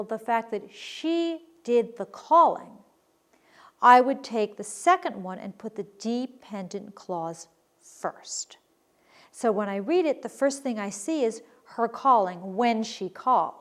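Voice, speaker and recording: Woman, grammar teacher, animated higher voice, patient and explanatory. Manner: patient, explanatory, reads examples aloud. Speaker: writing teacher. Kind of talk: recorded grammar lesson.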